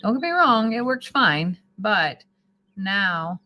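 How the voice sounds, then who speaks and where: A woman's voice: medium pitch, lively intonation, slow, bright, forceful tone. A woman chatting casually on a live stream, sleepy and rambling as she thanks viewers. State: sleepy, yawning. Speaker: homesteading livestreamer.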